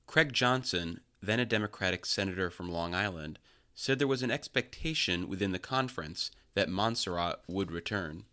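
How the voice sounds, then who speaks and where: A man reading scripted news narration in a measured, even way. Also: deep voice.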